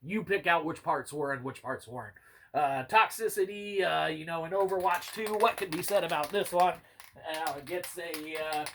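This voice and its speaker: A man's voice: a little high, normal speed, a bit bright, a little hiss or hum. A man giving a casual, rambling game review, full of fillers like "you know" and "man", with some swearing and dry sarcasm.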